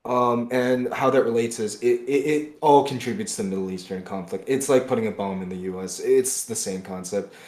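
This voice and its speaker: Male podcast co-host, heated political ranter, loud then muttering, roomy echo. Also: mid-range voice, fairly quick, few pauses. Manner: angry, swings between loud bursts and muttering, restarts often.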